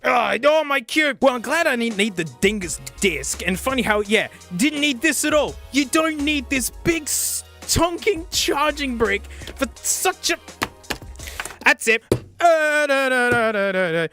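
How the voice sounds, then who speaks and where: A man reviewing a gadget in a casual vlog, excitable and sarcastic. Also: very high voice, a little slow, soft background music. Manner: excitable and sarcastic, laughs often.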